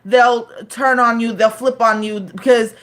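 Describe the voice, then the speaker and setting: A woman's voice: a little high, steady tone, measured pace, fairly bright tone. A woman in her thirties chatting casually on a live stream, loose and profane, rambling with lots of fillers and restarts.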